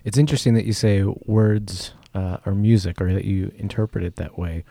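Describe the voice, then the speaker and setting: A man interviewing a guest, speaking haltingly with many fillers. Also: lowish voice, steady tone, vocal fry, dark tone, no echo, studio quality. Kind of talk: interview questions.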